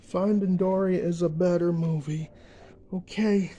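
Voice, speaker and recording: Slow-talking young man with a high voice. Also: steady tone, mellow, lo-fi sound. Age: young adult. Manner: repetitive, emphatic, fills pauses with uh and um. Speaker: vlogger. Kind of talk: ranting vlog monologue.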